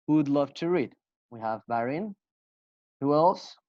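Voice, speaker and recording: A man teaching an English class online, slowly repeating example phrases and asking students questions. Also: fairly high pitch, expressive, darkish tone, dry recording. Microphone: video call. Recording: dull lo-fi video call audio.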